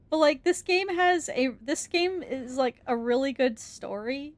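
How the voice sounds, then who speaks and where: A woman streamer narrates her horror game in a high voice at an unhurried pace. She is jumpy and easily scared, cursing at the screen and laughing nervously. The sound is dry and close. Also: animated, no echo. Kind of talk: let's-play commentary.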